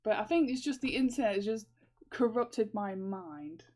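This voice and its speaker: A woman's voice: mid-range voice, animated, moderate pace, darkish tone. A young woman in casual livestream chat, rambling with many fillers and laughing often as she works on her comics. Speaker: comic artist streaming.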